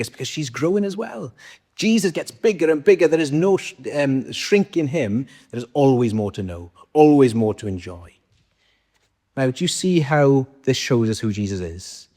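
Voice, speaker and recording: With a higher-leaning voice, lively intonation and a moderate pace, a man preaches conversationally in a church hall. He often asks the congregation questions, and the sound has long church reverb.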